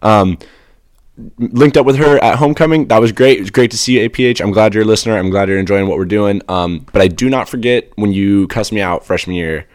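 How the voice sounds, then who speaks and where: A young man with a very low voice chats casually as a podcast co-host. His delivery is dry and deadpan. The recording sounds dry and close, with no room around him, and his nose is sore and broken. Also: a little fast, no echo. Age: young adult. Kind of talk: casual chat.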